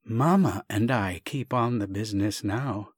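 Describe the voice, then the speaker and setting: A man's voice: lowish voice, a little slow, slightly rough, dry recording. A man voicing a nervous, over-polite young man in a dry storybook reading, agitated and repeating himself. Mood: agitated pleading. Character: earnest nervous young man, fussy and grateful.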